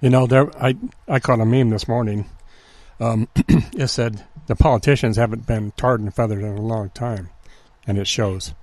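Talk radio host with brief replies. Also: male voice, fairly low pitch, fairly even intonation, moderate pace, a little mellow, no echo. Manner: brief, agreeable interjections.

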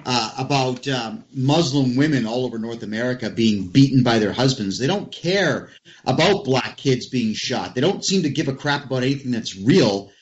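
A man hosting a political chat, talking in an emphatic, ranting way and turning to his listeners directly. His voice sits in a middle pitch. The recording sounds dull and lo-fi. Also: animated, moderate pace. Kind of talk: casual political talk.

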